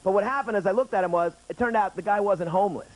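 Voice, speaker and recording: A man's voice: high voice, fast. A man in his thirties performing a stand-up routine on a late-night TV stage, chatty and acting out other people's lines. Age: 30s. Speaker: stand-up comedian. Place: TV studio stage with audience. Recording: noisy 1990s TV broadcast audio.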